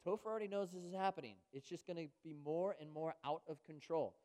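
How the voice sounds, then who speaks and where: A man preaching in a church sanctuary, his voice sitting a little high for a man. He is earnest, pushing louder on key phrases and sinking to near-whispers on others, and now and then he acts out the voices of churchgoers. A long reverb from the hall trails each phrase. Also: quick pace. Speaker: pastor. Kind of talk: sermon.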